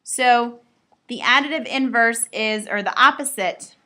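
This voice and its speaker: Female math teacher, upbeat and a bit playful, bright voice pitched slightly high. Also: a little slow. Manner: upbeat, playful asides to students. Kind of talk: recorded classroom lesson.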